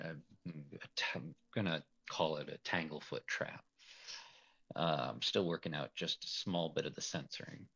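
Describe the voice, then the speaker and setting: A man's voice: sits low, a bit bright, muffled recording. A man running a tabletop role-play as game master, talking in a loose, rambling way and laughing often.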